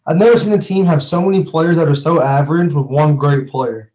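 A man's voice: fairly high pitch, fairly quick, low-quality recording. Laughing young man talking football. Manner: animated, laughs often, slangy. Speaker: podcast co-host. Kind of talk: casual sports chat.

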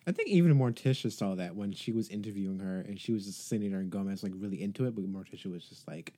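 A woman's voice: rumbling low, quick pace, warm tone. A woman co-hosting a podcast in casual chat, mostly chiming in with short agreements and dry asides. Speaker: podcast co-host.

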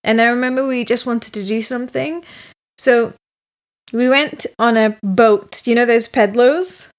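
A young woman co-hosts a podcast, and her voice sits a little higher than most. She tells her story in a casual, animated way, laughing often and filling her sentences with fillers. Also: measured pace. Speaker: podcast co-host.

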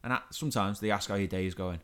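Fast-talking ranting man. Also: fairly low pitch. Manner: exasperated, ranting, stammers and repeats words. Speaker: podcast co-host. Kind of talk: casual comedic rant.

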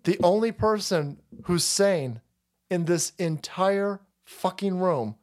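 A man's voice: high-pitched, takes it slowly. A man in his forties ranting sarcastically on a political livestream, profane and mocking. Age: 40s.

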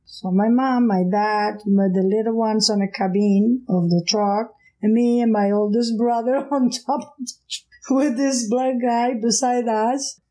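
Portuguese-accented woman guest, middle-aged, animated storyteller, mellow warm tone. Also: a little high, unhurried, low-quality recording. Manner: animated, laughs often, acts out voices. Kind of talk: casual storytelling.

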